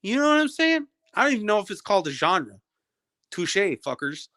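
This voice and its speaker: A man's voice: high voice, very animated, normal speed, bright, forceful tone, no room sound, studio quality. A young man on a livestream, ranting at a viewer in his chat, profane, combative and taunting.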